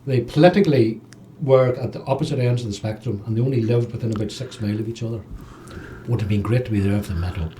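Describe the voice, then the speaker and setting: A man with a Northern Irish accent hosting a local radio chat. He is lively, chatty and quick to laugh. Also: medium pitch, a little hiss or hum. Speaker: radio host. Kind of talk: casual chat.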